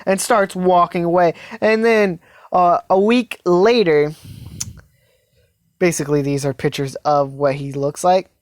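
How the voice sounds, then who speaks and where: A woman casually telling a made-up story, rambling and halting with many fillers and restarts. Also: on the low side, fairly even intonation, a little mellow, no room sound, studio quality. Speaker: fan story narrator.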